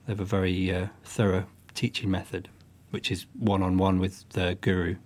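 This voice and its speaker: A man from northwest England, a guest musician speaking thoughtfully in a relaxed interview, with many restarts. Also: low-pitched, moderate pace.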